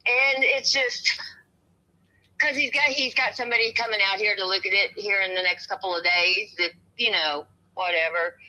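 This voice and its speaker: A woman in her fifties talks on a phone call in a very bright, sharp voice. She is cold and shivering, and she rambles, circling back and restarting her sentences. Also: medium pitch, a little fast, few pauses. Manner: rambling, meandering, with many restarts and soft laughs. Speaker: home seller on a phone call.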